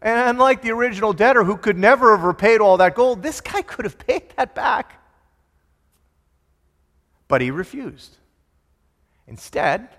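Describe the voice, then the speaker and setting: A male pastor delivers a sermon in a high, expressive voice that rises and falls widely. He tells the story with animation and presses his points with fervor. His words echo through a large, reverberant hall. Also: a little slow, long pauses.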